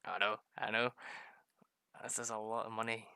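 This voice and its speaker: A man's voice: lowish voice, flat delivery, moderate pace, vocal fry, sharp tone, clear, resonant tone, no room sound, studio quality. A man giving rambling, casual commentary over a video game, laughing often. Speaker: gaming video host.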